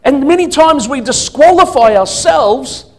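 A man preaching as a guest speaker at a church service, emphatic, swinging between loud declarations and quiet asides. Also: extremely high pitch, animated, a little slow. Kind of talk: sermon.

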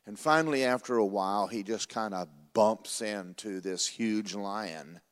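A man preaching a sermon, pastor of his church, telling a story in a folksy, animated, repetitive way. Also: fairly low pitch, unhurried, big-room sound.

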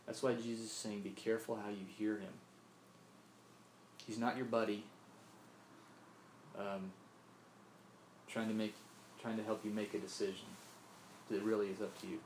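A man from Mississippi preaches an earnest sermon, repeating himself and often asking "right?". His fairly low voice is flat and at normal speed with long pauses. The recording has a roomy echo, faint ambience, and slight background noise.

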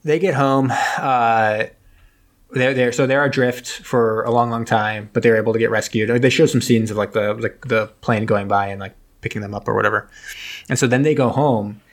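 A man's voice: medium pitch, steady tone, moderate pace. A young man co-hosting a podcast, rambling and joking as he retells a movie's plot. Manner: rambling, jokey, acts out characters' lines. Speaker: podcast co-host. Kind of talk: casual chat recapping a movie.

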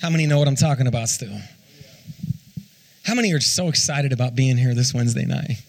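A man's voice: medium pitch, brisk, gravelly, a little mellow. A man in his thirties preaching a sermon as a pastor, often stumbling over and repeating his words and putting questions to the congregation.

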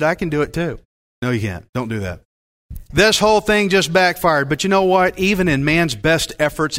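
Folksy man preaching, lively pitch. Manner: folksy, joking, animated preaching. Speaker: pastor. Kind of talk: Bible-teaching sermon.

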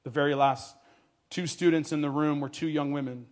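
A man telling a story in a sermon, earnest, dropping his voice quietly at tender moments. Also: a little high, fairly even intonation, normal speed.

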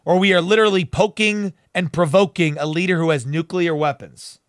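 A man's voice: high-pitched, fairly even intonation, fairly quick, dry recording, studio quality. A man hosting a talk show, delivering fiery, emphatic and sarcastic political commentary.

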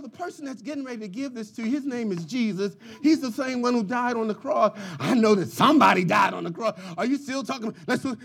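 A man preaching a sermon, swinging from quiet, low asides to loud, shouted passages. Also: slightly rough. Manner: preaching with rising shouts and dramatic swings in volume. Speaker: pastor.

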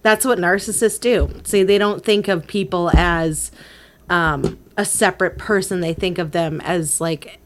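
A young woman co-hosting a podcast, talking about a film in an eager, gushing way and quickly agreeing. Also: fairly low pitch, fairly even intonation. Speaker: podcast co-host. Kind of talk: casual film review chat.

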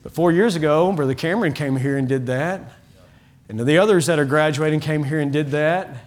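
Speaking briskly, a middle-aged pastor delivers an evening sermon from a church sanctuary pulpit, his voice sitting fairly high for a man. He has a folksy manner, frequently repeating words or restarting phrases before carrying on.

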